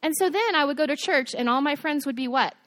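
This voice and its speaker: A young woman preaches to a youth group, her high voice lively as she keeps putting questions to her listeners. The sound is close and dry, with no room around it. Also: quick pace, no echo. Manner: animated, asks the audience questions. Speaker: youth pastor. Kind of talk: youth sermon.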